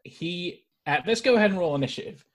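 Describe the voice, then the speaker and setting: A man narrating a tabletop game as dungeon master over a video call, with a casual, halting delivery full of fillers. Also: high voice, animated.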